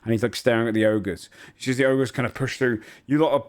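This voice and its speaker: A man narrating a tabletop game as game master, relaxed and full of "kinda" fillers. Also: medium pitch, quick pace, slight background noise.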